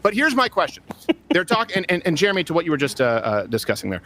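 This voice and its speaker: Fast, animated wisecracking male host. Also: on the high side. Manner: animated, wisecracking, quick asides. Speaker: comedian. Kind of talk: joking election-night panel talk.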